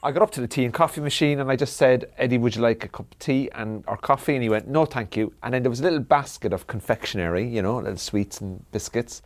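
A man's voice: mid-range voice, fast, few pauses. Male comedian telling a backstage story. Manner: storytelling with acted quotes. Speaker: comedian panelist. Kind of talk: comic anecdote.

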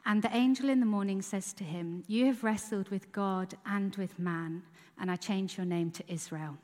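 A woman preaches in a candid, conversational way, telling a story and punching key moments with emphasis. Her voice sits at a medium pitch, and it rings with the long reverb of a large hall. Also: moderate pace, a little mellow. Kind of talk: sermon.

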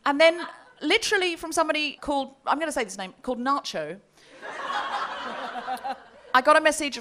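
A woman's voice: high voice, a little fast, long pauses, noisy background. A woman telling a comic story on a live comedy podcast, reading out messages with relish. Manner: animated, reads out messages with relish. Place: comedy festival stage before a live audience.

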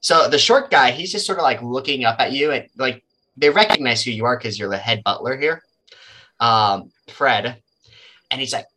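A man's voice: mid-range voice, normal speed, sharp tone. A man running a tabletop game as game master, narrating loosely with lots of fillers.

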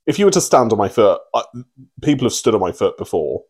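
A man's voice: fairly low pitch, big pitch swings, fast talker, darkish tone. A man co-hosting a podcast in casual chat, rambling openly about his own mishaps. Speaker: podcast co-host.

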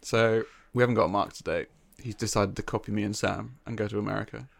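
A man's voice: on the low side, fairly even intonation, quick pace, vocal fry, no room sound. A young man hosting a casual podcast among friends, laughing often and giving a sing-song intro. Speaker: podcast host. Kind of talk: casual chat.

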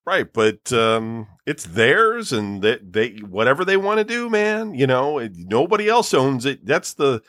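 A man's voice: mid-range voice, big pitch swings, a little slow, few pauses, a bit bright, dry recording, clean studio sound. A man chatting casually in a laid-back, rambling way, full of filler phrases. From Cleveland area. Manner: laid-back, rambling, peppered with 'you know'. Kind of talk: casual chat.

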